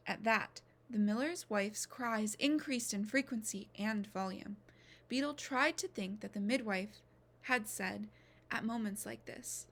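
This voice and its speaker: A woman reading a novel aloud in an expressive way, sometimes dropping to a whisper. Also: mid-range voice, normal speed. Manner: expressive, drops to a whisper at times. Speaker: reader.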